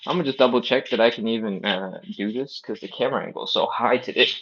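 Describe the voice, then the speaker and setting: A man in the middle range of pitch, coaching a live stretching session in a loose, upbeat way and often checking in with "all right?" He calls out the exercise cues while doing the moves himself. The audio is dull and lo-fi. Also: fast talker, a bit bright. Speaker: fitness instructor. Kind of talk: live-streamed stretching class.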